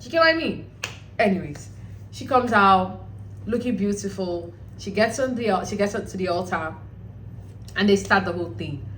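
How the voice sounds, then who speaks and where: A woman hosting a reality show recap, talking casually in an animated, blunt way with some swearing. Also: medium pitch, moderate pace, long pauses, a little hiss or hum, low-quality recording.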